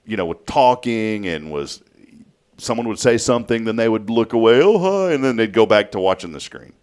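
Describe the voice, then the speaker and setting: A man, hosting a casual studio talk show and telling a story with lively flair. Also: lowish voice. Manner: animated storytelling, acts out a child's voice. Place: local TV studio.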